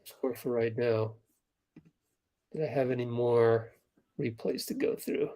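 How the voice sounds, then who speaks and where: A man hosts a watch-along livestream, casually commenting on a basketball game, reacting to plays, and chatting with viewers as things happen. His mid-range voice is mellow and slow.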